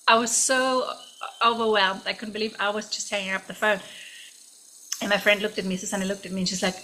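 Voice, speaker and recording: A woman tells a personal story to camera. Her voice is bright and clear, set at a middling pitch. She talks casually and loosely, with plenty of ums and restarts. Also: level tone, fairly quick, a little hiss or hum, poor audio. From Germany. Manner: chatty, many fillers and restarts. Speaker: vlogger.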